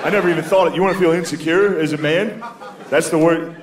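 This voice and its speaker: Speaking quickly in a high-ish voice with fairly even intonation, a man performs stand-up at a comedy club before a live audience. His crude, self-deprecating stories include put-on voices, and loud crowd laughter fills the noisy live recording.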